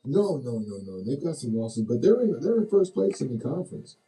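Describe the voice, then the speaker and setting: Man, radio co-host, very dark mellow voice, animated pitch, chatty with fillers, echoey small studio. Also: a little fast. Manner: lively, chatty, laughs often, fillers like uh and um. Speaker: radio co-host doing sports. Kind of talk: casual radio banter.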